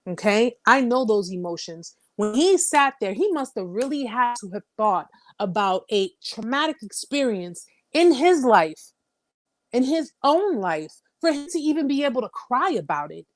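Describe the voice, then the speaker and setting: A woman's voice: on the high side, sing-song, normal speed, no room sound. A young adult woman hosting a casual live-stream chat, reading viewer comments aloud and talking candidly, repeating phrases for emphasis.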